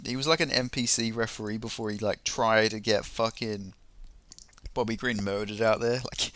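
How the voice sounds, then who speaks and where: A man's voice: medium pitch, a bit bright, no echo. A young man in a casual vlog, ranting about fights in a profane, rambling, heated way. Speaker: MMA commentator.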